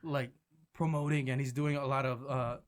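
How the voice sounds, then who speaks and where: A young man, a podcast guest, telling a story in casual chat, animated, with swearing and laughter. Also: mid-range voice, normal speed, a crowd in the background. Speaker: podcast guest, restaurant manager and food truck owner.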